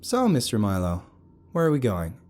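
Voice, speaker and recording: A man's voice: mid-range voice, wildly swooping pitch, normal speed, voice pushed up. A man putting on a brash young woman tour guide. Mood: teasing. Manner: bossy and sharp-tongued.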